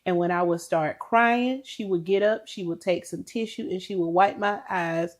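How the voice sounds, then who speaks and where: A woman's voice: fairly low pitch, normal speed. A woman co-hosting a podcast, telling an earnest, emotional story about a friend in casual chat. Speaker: podcast co-host.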